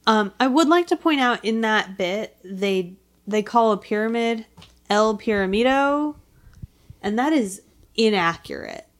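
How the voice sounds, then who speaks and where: A woman's voice: a little high, lively intonation, unhurried. A woman co-hosting a podcast, chatting casually and joking in playful banter. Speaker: podcast co-host. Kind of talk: casual chat.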